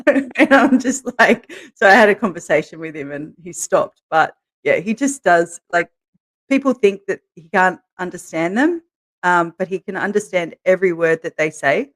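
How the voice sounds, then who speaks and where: A woman co-hosting a podcast, telling candid stories in a relaxed way and laughing as she goes. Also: on the low side, measured pace. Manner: laughs through her stories, animated quoting. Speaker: podcast co-host, interviewed as guest. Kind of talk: candid conversational storytelling.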